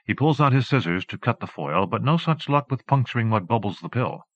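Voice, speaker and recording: A man narrating a literary audiobook in a measured, even reading. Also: medium pitch, dry recording. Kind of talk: scripted narration. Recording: dull dry tape recording.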